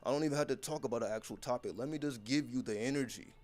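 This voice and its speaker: A man's voice: medium pitch, rapid-fire, darkish tone. A man talking straight to his viewers as a content creator, delivering an unscripted motivational monologue that is blunt, intense and heavily profane.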